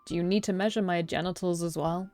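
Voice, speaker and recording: A woman reading as a deadpan pointy-eared young man. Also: medium pitch, normal speed, soft background music, close to an everyday voice. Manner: deadpan, flat; gruff.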